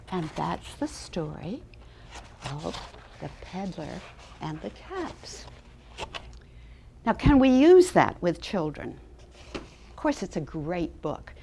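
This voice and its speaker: A woman educator giving a dramatic storybook reading, then talking about teaching. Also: medium pitch. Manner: dramatic, with hushed and loud turns. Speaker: early childhood educator.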